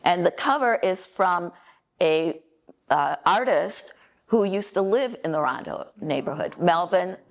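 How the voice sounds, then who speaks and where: Slow-spoken older woman with a tired voice. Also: on the low side, animated. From Minnesota, USA. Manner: unhurried, chatty, laughs often. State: slightly cracking, tired voice. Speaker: author reading and answering questions. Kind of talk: conversational Q&A answers. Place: museum event room.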